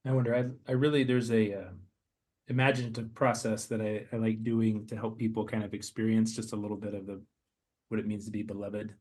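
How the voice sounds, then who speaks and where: A man with a fairly low voice guides listeners through an imaginative meditation. He speaks softly and slowly, pausing and restarting his sentences with a gentle, hesitant touch. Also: little pitch movement. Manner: slow, soft, hesitant restarts. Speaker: podcast host.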